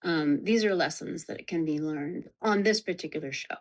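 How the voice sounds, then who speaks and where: A woman speaking as a production designer in a casual panel talk, halting and searching for words. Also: low voice.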